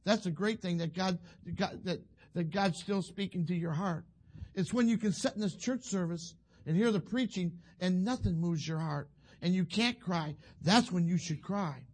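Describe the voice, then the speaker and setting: A male preacher, giving a folksy sermon that builds to fervent shouting. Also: high voice, moderate pace.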